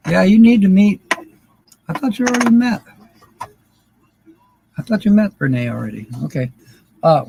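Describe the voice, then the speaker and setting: A man's voice: a little high, creaky, noisy background. An older man hosting a livestream word game, chatting casually and chuckling often as he reads out viewers' names. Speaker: livestream host. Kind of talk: casual live chat during a word game.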